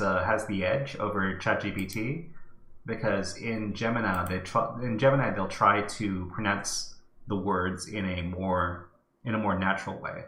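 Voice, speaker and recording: A man's voice: on the low side, bright, forceful tone, reverberant. A man hosting a screen-recorded tech tutorial, thinking aloud in a hesitant way. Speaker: tutorial host.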